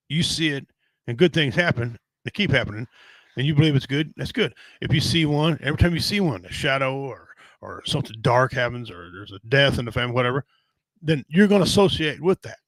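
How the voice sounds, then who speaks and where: A man's voice: mid-range voice, a bit bright, dry recording, low-quality recording. A middle-aged man hosting a casual podcast chat, talking in a blunt, rambling, folksy way with casual swearing. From Native American.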